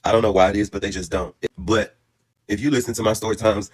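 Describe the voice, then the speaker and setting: A man in his thirties telling a story in a casual, animated way, brassy, profane and dramatic, then calmer and reflective. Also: fairly low pitch, fast. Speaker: storyteller vlogger.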